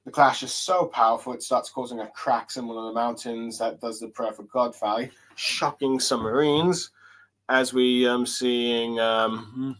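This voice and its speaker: A man's voice: mid-range voice, fairly even intonation, moderate pace, a bit bright. Hesitant man recapping a manga chapter. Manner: hesitant, many fillers and restarts while reading along. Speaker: manga reviewer. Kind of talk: casual solo chapter review.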